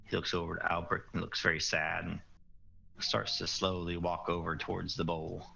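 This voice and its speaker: A man's voice: sits low, flat delivery, normal speed, vocal fry, pushed and bright. A man playing a tabletop game, describing his character's actions in a rambling, casual way on a dull lo-fi recording. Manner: rambling, many restarts.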